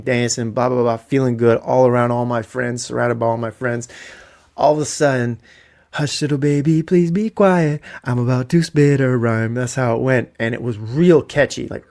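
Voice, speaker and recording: A man in his thirties with a Canadian accent, hosting a casual solo podcast and telling rambling, excitable stories with free swearing. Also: medium pitch, gravelly. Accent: Canadian English. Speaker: podcast host.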